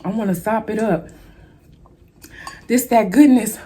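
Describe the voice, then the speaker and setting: A woman's voice: fairly high pitch, a little slow, heavy background noise. A woman hosting a mukbang food vlog, chatting casually to her viewers as she eats. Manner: chatty, addresses viewers as y'all, eats between words. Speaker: food vlogger.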